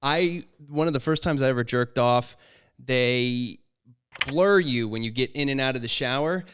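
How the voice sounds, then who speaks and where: A man's voice: medium pitch, normal speed, a bit bright, clear, resonant tone. A young adult man co-hosting a podcast, telling irreverent jokey stories in casual chat. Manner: joking, irreverent storytelling. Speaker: podcast co-host.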